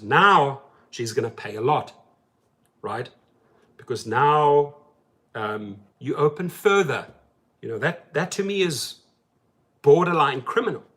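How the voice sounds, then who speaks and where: A man hosting a casual livestream chat from his parked car, talking emphatically and then dropping to a soft, subdued tone. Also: a little high. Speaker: rideshare driver and channel host.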